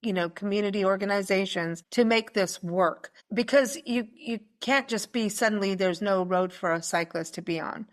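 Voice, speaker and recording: A woman hosting a radio travel program in relaxed conversation. She chats in an easygoing way, drifting off mid-sentence and circling back to ask her guest questions. Her voice sits at an ordinary middle pitch. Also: moderate pace, hardly any pauses. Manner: chatty, asks questions, trails off and restarts. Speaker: radio show host. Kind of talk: casual radio interview chat.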